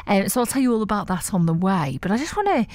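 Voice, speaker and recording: A woman's voice: mid-range voice, very animated, quick pace, a little mellow, no room sound. Chatty Mancunian woman on breakfast radio. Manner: upbeat and chatty with frequent fillers. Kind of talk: chatty live radio presenting. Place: radio studio. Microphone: studio microphone.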